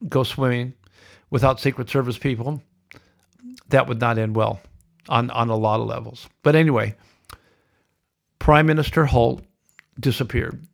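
A man's voice: mid-range voice, gravelly. A middle-aged man hosting a podcast, delivering a blunt, sardonic, ranting monologue. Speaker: podcast host.

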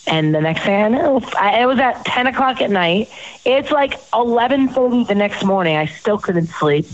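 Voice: mid-range voice, expressive, normal speed, dull audio. A host rambling through profane personal stories in a casual chat.

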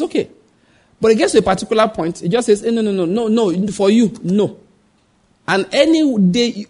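A man's voice: sits high, a little mellow, husky. A man preaching a sermon, asking the congregation rhetorical questions, acting out the voices in his stories and telling tales of his own family. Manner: acts out quoted voices. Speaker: pastor.

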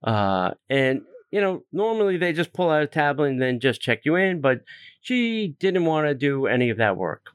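Smooth-voiced man hosting a chatty podcast. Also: fairly high pitch, normal speed, no echo, studio quality. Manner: animated storytelling with fillers and exasperated asides. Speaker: podcast host. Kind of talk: casual chat.

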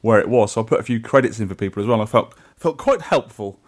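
A man's voice: lowish voice, animated, fast talker. A man co-hosting a podcast, chatting casually and rambling with restarts. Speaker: podcast co-host. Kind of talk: casual chat.

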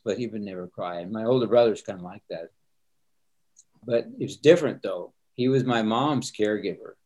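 In a conversational interview, a middle-aged pastor speaks at a moderate pace in a lowish, slightly mellow voice. His answers are earnest and reflective, and he frequently repeats words when starting a sentence.

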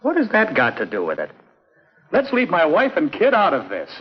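A man's voice: fairly high pitch, huge pitch swings, moderate pace, slightly rough, heavily acted. A man playing a young security guard under police questioning, in a 1950s radio drama. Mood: defensive. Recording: dull lo-fi 1950s recording.

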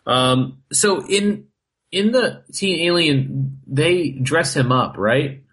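A man's voice: a little high, expressive, slow, fairly bright tone, slightly rough, poor audio. A man co-hosting a podcast in loose casual chat, swearing a lot and filling his talk with "like". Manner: loose, heavy swearing and filler "like". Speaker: podcast co-host.

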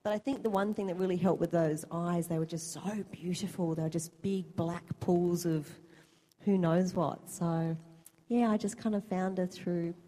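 A woman's voice: fairly low pitch, steady tone, moderate pace, warm tone. A woman actor chatting on a convention panel, laughing often and telling stories with animation. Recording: long hall reverb.

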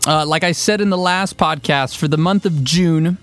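A man's voice: fairly high pitch, moderate pace, fairly bright tone, faint music behind. A man hosting a podcast, chatting casually with many fillers and frequent laughs. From Texas. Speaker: podcast host.

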